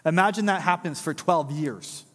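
A high-pitched man gives a sermon in an animated, chatty way, tossing in jokes and little acted-out voices. His voice rings out with a long reverb, as in a big church hall. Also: moderate pace. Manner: animated, conversational preaching with jokes and acted-out quotes. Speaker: pastor.

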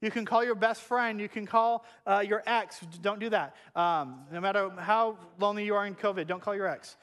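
A man in his thirties preaching a sermon in a church, animated and shifting between hushed and loud delivery. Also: high voice, moderate pace, smooth, long reverb tail. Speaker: pastor. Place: church sanctuary.

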